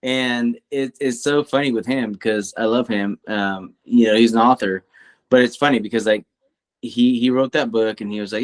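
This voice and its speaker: A man co-hosting a podcast in a casual chat, swearing a lot and rambling, his voice climbing when he gets worked up. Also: moderate pace. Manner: profane, rambling, animated, rising pitch when worked up. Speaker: podcast co-host; coach.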